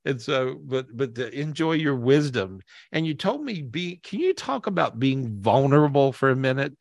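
A man's voice: mid-range voice, expressive, normal speed, vocal fry, no room sound. Brief: emotional male podcast host on a video call, teary, rambling, dry close sound. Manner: rambling, repeats himself, emotional.

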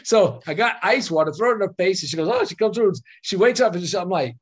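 A man talking over a video call in a slightly higher register, relaxed and chatty. He tells his story with a lot of energy, plays out the quoted lines and laughs as he goes. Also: fast, hardly any pauses, husky. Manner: animated, acts out quoted dialogue, laughs often. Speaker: guest telling a personal story.

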